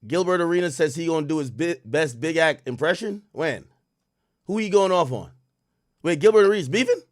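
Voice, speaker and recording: Chatty male streamer with a lively voice. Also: fairly high pitch, normal speed, dry recording, studio quality. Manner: loose, chatty, reads and answers chat. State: worried about losing his voice. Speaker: livestream host. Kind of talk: casual livestream chat.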